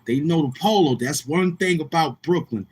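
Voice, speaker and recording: A man's voice: on the high side, normal speed, a little mellow, slightly rough. A man with a New York accent talking casually to camera as a vlogger, slangy and rambling, repeating tag phrases. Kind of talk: casual street talk to camera.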